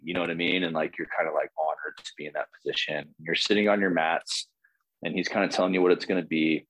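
A man's voice: sits low, dry recording. A young man telling a long personal story in a loose, casual way, with lots of fillers and the odd swear word. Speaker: podcast guest.

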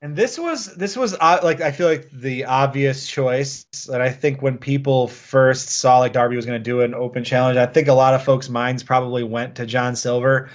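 A man's voice: mid-range voice, moderate pace, few pauses, highs cut off. A man co-hosting a casual wrestling podcast, riffing and joking with his co-host. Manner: jokey, riffing, does goofy bits.

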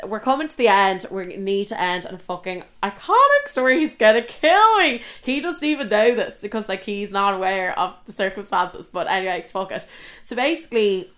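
Young Irish woman, podcast host, chatty storyteller, sweary and expressive, mid-range voice with sudden high peaks. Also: a little fast. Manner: animated and expressive, swears a lot, jumps to high loud outbursts. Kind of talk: casual storytelling.

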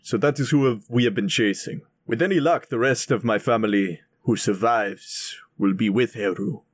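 A man's voice: medium pitch, normal speed, husky, lightly acted. A man voicing a formal, dryly sardonic adventurer in a tabletop role-play. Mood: earnest. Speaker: player voicing his character.

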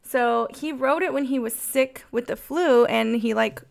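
A woman's voice: a little high, measured pace, creaky. A woman co-hosting a podcast, chatting casually about songs with lots of filler words. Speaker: podcast co-host.

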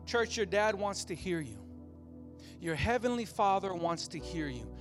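A pastor preaching to his church in a notably high voice, stacking repeated phrases into a rising rhythm. Faint music plays underneath him throughout. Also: animated, measured pace. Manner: passionate preaching, repeating phrases and building cadence. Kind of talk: sermon.

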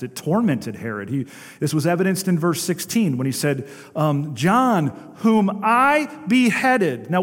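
A male pastor delivering a sermon, moving between emphatic exclamations and hushed, slowed-down phrases to stress his points. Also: a little high, long reverb tail. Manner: dynamic preaching, swings from emphatic to hushed, slows for emphasis.

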